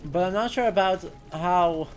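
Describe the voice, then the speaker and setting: A man's voice: sits high, measured pace, slight background noise. Rambling man streaming a game. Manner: musing, self-correcting, chatty with chat. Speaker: history streamer. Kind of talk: casual live gameplay commentary.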